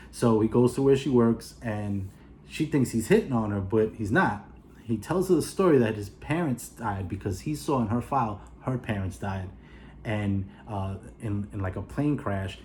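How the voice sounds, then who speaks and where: Rambling man with a mellow voice. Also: on the low side, a little hiss or hum. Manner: rambling, full of "you know" and "uh" fillers; acts out the characters' lines in quick asides. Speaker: movie reviewer. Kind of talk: casual plot retelling.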